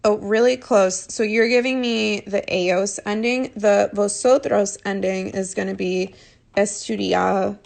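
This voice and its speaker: Woman teacher, gentle and encouraging, gravelly edge, phone mic. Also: medium pitch, steady tone, measured pace. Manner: patient, encouraging, corrects answers gently. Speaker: Spanish teacher. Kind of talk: live online lesson.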